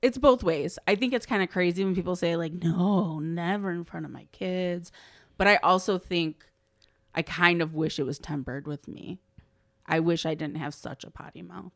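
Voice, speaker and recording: A young woman chatting casually and swearing freely, with a gravelly fry running through her voice. The sound is dry and close-miked, with no room echo. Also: fairly low pitch, moderate pace. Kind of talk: casual chat.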